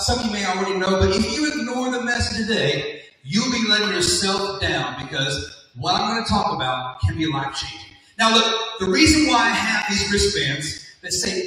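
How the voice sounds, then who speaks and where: Animated man in an echoey hall. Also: high-pitched, recorded from a distance. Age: middle-aged. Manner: animated, jokey, addresses the audience. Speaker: motivational speaker. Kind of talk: assembly speech with comic storytelling. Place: large school hall.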